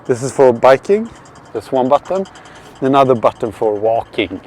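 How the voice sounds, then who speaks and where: His voice is medium-pitched and darkish, with lively intonation and a normal pace. Live-streaming from a city street at night, the Swedish man rambles, swears, starts over and reads chat messages aloud while faint traffic hums nearby.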